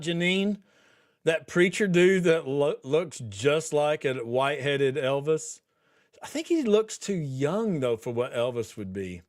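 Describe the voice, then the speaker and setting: A man hosting a podcast livestream, chatting casually with viewers in a rambling way, laughing often and restarting his sentences. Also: on the high side. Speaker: podcast host. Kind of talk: casual livestream chat reading viewer comments.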